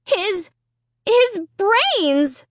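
A woman voicing a frightened young girl who is the story's first-person heroine, in a shrill, squealing voice. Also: very animated, measured pace, fairly bright tone, dry recording, clean studio sound, heavily acted. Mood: horrified.

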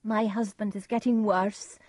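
Woman reading as a hushed, controlling queen. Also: medium pitch, steady tone, measured pace, husky, no echo, voice pushed up. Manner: hushed, urgent.

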